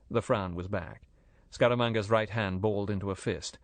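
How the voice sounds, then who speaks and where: A man narrating a thriller audiobook in a measured, steady storytelling manner. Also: fairly low pitch, no echo. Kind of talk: scripted narration.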